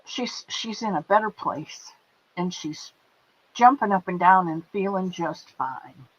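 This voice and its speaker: This host speaks a little slowly in a fairly low, husky, somewhat bright voice, greeting viewers by name with sweet pet names as she goes through their comments on her casual livestream. The audio is dull lo-fi stream sound.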